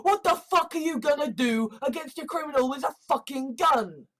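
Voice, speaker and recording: A man's voice: very high-pitched, normal speed, fairly bright tone. A man ranting exasperatedly in a monologue vlog, swearing heavily. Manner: heavy swearing, exasperated rants. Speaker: vlogger.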